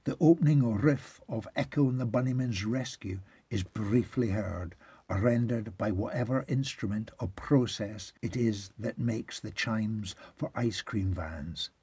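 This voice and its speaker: A man narrates an audiobook in a warm, mellow, slightly husky voice at a slow pace. His reading of asides is wry and measured, recorded close and dry. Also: fairly low pitch, no room sound. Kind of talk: scripted narration.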